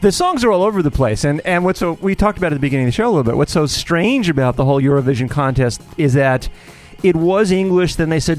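A man's voice: fairly high pitch, fast, hardly any pauses, faint music behind. A man hosting a radio show, chatting casually and joking with fillers along the way. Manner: animated, joking, many fillers.

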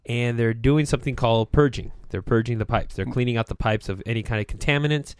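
A man's voice: medium pitch, quick pace, clean tone, no room sound, clean studio sound. A man on a talk show, laughing as he tells a work story casually and acts out his coworkers' lines. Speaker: guest.

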